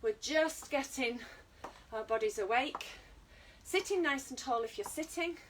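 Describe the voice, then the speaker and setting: A woman's voice: high voice, animated, measured pace, a bit bright, recorded from a distance, a little hiss or hum. A British woman teaching an online exercise class, chatty and encouraging, joking at her own expense. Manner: chatty, encouraging, self-deprecating. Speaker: fitness instructor.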